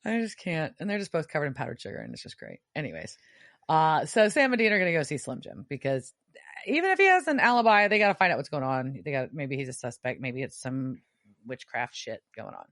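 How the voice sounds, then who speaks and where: A woman's voice: low-pitched, very animated, brisk, fairly bright tone, dry recording, studio quality. A woman co-hosting a podcast, recapping a TV episode in casual chat, swearing freely with emphatic outbursts. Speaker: podcast co-host.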